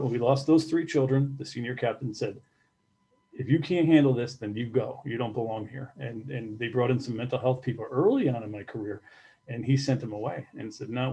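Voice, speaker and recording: A middle-aged man, a former fire captain, speaking candidly in an interview, halting and repeating words as he reflects. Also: mid-range voice, warm tone, rough recording. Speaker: retired fire captain, guest.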